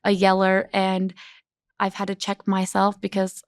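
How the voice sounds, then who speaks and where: A young woman guest talks in a loose, chatty way, full of "like," and lifts her voice whenever she quotes her kids. Her voice has a gravelly, fried edge. The sound is close and dry, with no room around it. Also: mid-range voice, measured pace, no room sound. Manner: chatty, peppered with "like"; animated when quoting her kids. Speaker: podcast guest. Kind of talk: casual chat.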